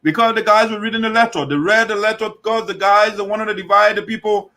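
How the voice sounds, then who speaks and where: Hosting a political commentary show, a Liberian man speaks emphatically in a Liberian English accent, repeating himself and restarting mid-phrase. His voice is high, fast, pushed, and bright, with fairly even intonation.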